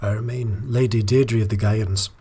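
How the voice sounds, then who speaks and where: A man voicing a proud, formal woman leader in a put-on Scottish accent, reading game dialogue aloud in measured diplomatic phrases. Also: on the low side, fairly even intonation, mellow, breathy edge. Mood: formal, stern.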